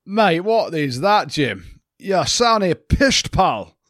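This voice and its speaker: A man's voice: high-pitched, very animated, slow pace, a bit bright, no room sound. Teasing man co-hosting, dry sound. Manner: teasing, leading banter. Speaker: podcast co-host. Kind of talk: casual podcast chat.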